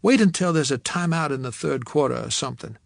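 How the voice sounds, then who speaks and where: A man's voice: fairly high pitch, animated, brisk, gravelly, no room sound. A cheerful young woman full of life, as a male narrator puts her on, bubbly and lightly teasing. The voice stays close to the reader's own, a touch lighter. It is recorded up close and dry.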